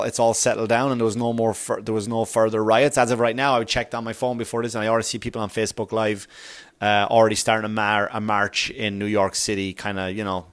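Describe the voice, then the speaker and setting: Guy ranting on his own podcast, swears a lot, wanders off topic, middle-pitched voice. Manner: rambling, profane, gets heated. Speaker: podcast host. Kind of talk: solo comedy podcast monologue.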